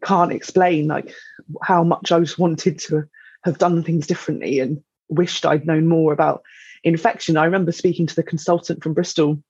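A woman, speaking as a podcast guest in candid, reflective conversation, halting and full of fillers. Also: low voice, fairly even intonation, a little mellow, slightly rough, no room sound, muffled recording.

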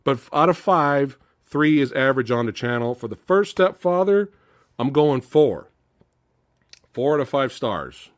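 Animated male horror review host. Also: mid-range voice, unhurried, dry recording. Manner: chatty, animated storyteller who laughs often. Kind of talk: casual chat.

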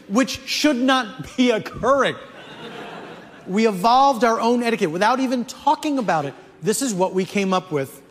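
High-voiced man telling a comic story. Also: long reverb tail, a little hiss or hum. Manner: animated, building to mock-outraged shouts. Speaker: comedian.

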